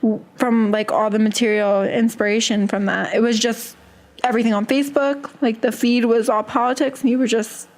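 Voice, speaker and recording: A woman's voice: fairly high pitch, fairly even intonation, darkish tone. A woman hosting a small internet radio show, chatting casually and jumping in often. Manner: chatty, quick to jump in.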